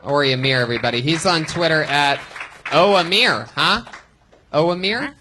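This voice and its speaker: A man's voice: fairly high pitch, moderate pace, background noise. A man hosting a live comedy show, brash and profane as he roasts the guests. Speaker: host.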